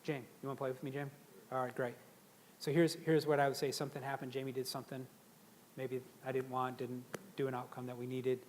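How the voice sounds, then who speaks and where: A middle-aged man giving a lively leadership seminar, often throwing questions to the audience. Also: medium pitch, brisk, a little hiss or hum. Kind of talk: live seminar talk to an audience.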